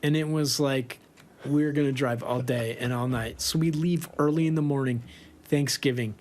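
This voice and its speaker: A man telling a tour story in a casual, animated way, laughing often and swearing freely. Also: mid-range voice, moderate pace.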